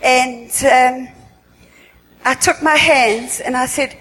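A woman giving an earnest spoken religious testimony at a worship meeting, halting and often repeating herself. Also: sits high, fairly even intonation, a bit bright. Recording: echoey hall with long reverb, faint ambience.

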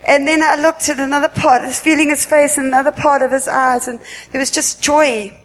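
A woman giving an earnest spoken religious testimony at a worship meeting, halting and often repeating herself. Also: sits high, flat delivery, slight background noise. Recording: echoey hall with long reverb, faint ambience.

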